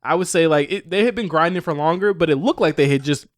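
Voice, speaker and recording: A man co-hosting a podcast in casual chat, animated, laughing often and restarting his sentences. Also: fairly high pitch, fast talker, no echo, clean studio sound. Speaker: podcast co-host.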